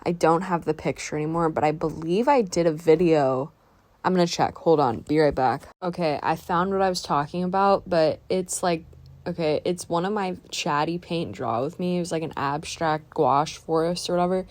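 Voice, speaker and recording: Art vlogger, young woman, lowish voice, chatty rambling voiceover, dry close mic. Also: normal speed, a little mellow, no echo. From San Diego area, US. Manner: chatty, rambling, self-talk asides. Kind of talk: casual voiceover chat.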